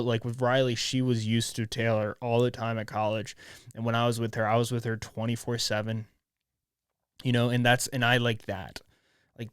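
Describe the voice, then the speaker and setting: A young man in his twenties hosting a solo podcast, talking in a halting, emotional way with many restarts and swearing, choked up and near tears. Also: medium pitch, dry recording, clean studio sound. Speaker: podcast host. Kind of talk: casual solo podcast monologue.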